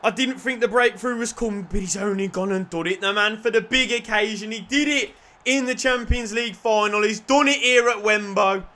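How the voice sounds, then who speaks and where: A young man commentating his own football video game, excitable, muttering and then shouting, swearing and joking. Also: sits high, moderate pace, hardly any pauses. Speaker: gaming YouTuber. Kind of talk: live gameplay commentary.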